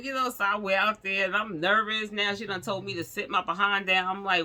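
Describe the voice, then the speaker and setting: A middle-aged woman tells her own story straight to her viewers in a vlog. Her voice is very bright and cutting, and she tells it animatedly, acting out what the other people said. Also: medium pitch, brisk, hardly any pauses. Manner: acts out the others' lines in the story. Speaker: vlogger. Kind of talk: personal storytelling to camera.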